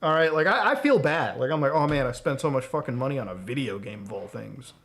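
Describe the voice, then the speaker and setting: A man's voice: medium pitch, lively intonation, quick pace, creaky, fairly bright tone. A man streaming live, ranting casually with heavy swearing and exasperated, mocking outbursts. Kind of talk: casual livestream rant.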